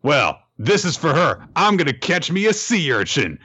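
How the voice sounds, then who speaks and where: A man's voice: a little high, sing-song, moderate pace, pushed and bright, husky, pitched above the performer's own voice, full character voice. A man voicing a brash, cheerful middle-school girl who talks in a cocky, carefree way.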